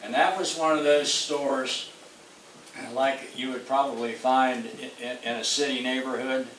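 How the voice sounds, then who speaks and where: Older man, local history talk, relaxed and nostalgic, mid-pitched voice, distant mic in a roomy hall with faint noise. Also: a little slow. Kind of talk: reminiscing presentation. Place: meeting hall. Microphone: distant room mic.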